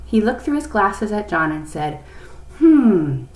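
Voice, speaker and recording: A woman reads a children's storybook aloud in an expressive, lively way. She sits a bit back from the mic, and the room gives her voice a noticeable echo. Her pitch sits in an ordinary middle range. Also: normal speed, far from the mic. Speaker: reader. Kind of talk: reading a children's book aloud.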